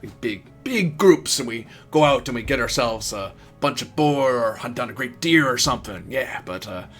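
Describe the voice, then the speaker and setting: A man's voice: mid-range voice, expressive, normal speed, a bit bright, breathy edge, faint music behind. A man voicing a jolly, chatty foreign hunter with a put-on accent who ends his remarks with questioning tags. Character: jolly middle-aged foreign male hunter.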